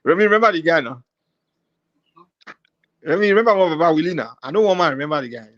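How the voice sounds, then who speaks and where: A man's voice: fairly high pitch, lively intonation, quick pace, dry recording. A man with a Nigerian accent hosting a talk show, teasing his guest and laughing often. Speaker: host. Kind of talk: casual talk show banter. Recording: slightly dull, lo-fi sound.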